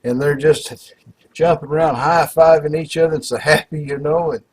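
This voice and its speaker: A man's voice: on the high side, fairly even intonation, normal speed, a little hiss or hum, poor audio. A man telling a long joke in a folksy, rambling way, with lots of filler words. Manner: folksy, rambling, full of "you know" and "uh". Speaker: joke teller.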